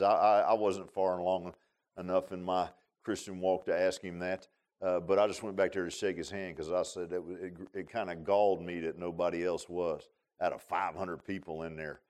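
A man's voice: deep voice, brisk. A man preaching a sermon, telling a personal story in a folksy, colloquial way with plain, homespun grammar. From Northern Virginia.

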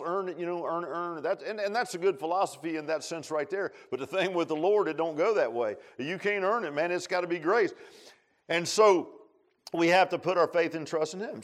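A high-pitched man preaching a sermon. He talks in a folksy, conversational way, full of restarts, and keeps turning to the congregation with asides.

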